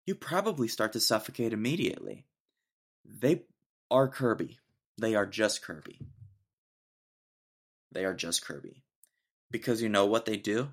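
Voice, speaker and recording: A man's voice: lowish voice, animated, a little slow, pauses often. Ranting young male podcast host. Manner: ranting, sarcastic, laughs a lot. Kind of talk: casual solo podcast rant.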